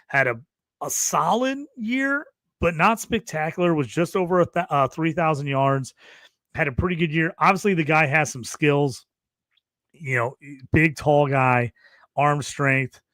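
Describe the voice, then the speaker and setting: A man's voice: on the high side, no room sound, studio quality. A man co-hosting a casual sports podcast, talking loosely and acting out quotes while he rants. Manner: animated, rants with acted-out quotes. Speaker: podcast co-host.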